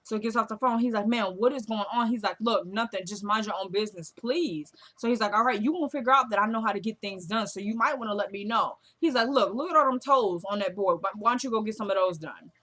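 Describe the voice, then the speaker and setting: A woman casually recapping a TV drama episode, retelling scenes as quoted dialogue with a chatty, animated delivery. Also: medium pitch, fast, hardly any pauses. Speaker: show recap vlogger.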